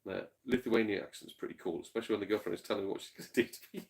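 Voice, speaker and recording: A man's voice: lowish voice, fairly even intonation, rapid-fire, gravelly, a little mellow. A man streaming live, reading chat and telling stories in a casual, sweary, laughing way, a bit tipsy. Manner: chatty, swears freely, laughs often, tipsy. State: slightly tipsy.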